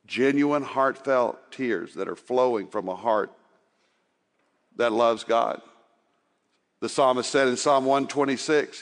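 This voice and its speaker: A male preacher delivering an impassioned sermon. He rises into loud urging and then drops to quiet, hushed tones. His voice rings with a long hall reverb. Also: medium pitch.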